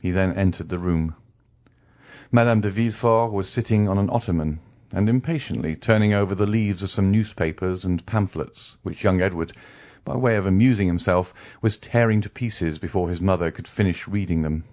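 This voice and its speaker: Deep-voiced male audiobook narrator. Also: normal speed, darkish tone. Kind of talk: scripted narration.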